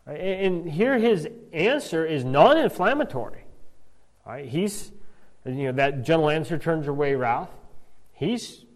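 A man's voice: on the high side, lively intonation, long reverb tail. Man reading and teaching Scripture. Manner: halting, restarts with repeated words, asks "right?" often. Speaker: Bible teacher.

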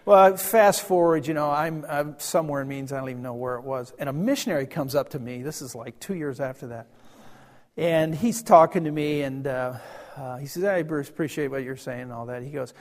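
A man's voice: a little high, a little fast, a little mellow. A man preaching a sermon in a folksy, storytelling way, often laughing and acting out conversations. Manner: folksy, laughing, acts out dialogue. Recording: long hall reverb.

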